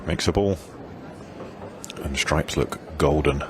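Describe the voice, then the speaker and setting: A man giving relaxed, chatty live commentary on a pool match. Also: extremely low pitch, measured pace, background noise.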